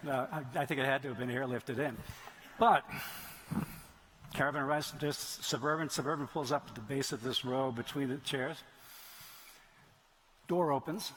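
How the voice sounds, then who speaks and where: A man's voice: medium pitch, fairly bright tone, a little hiss or hum, low-quality recording. Rambling middle-aged man telling anecdotes. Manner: rambling storyteller, frequent restarts and digressions. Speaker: author speaking at a writers' conference. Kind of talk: anecdotal Q&A talk. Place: stage in a large venue.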